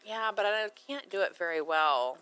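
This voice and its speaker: A woman's voice: medium pitch, lively intonation, normal speed, pushed and bright, clean tone, poor audio. A woman co-hosting a radio show in casual banter, dry and teasing.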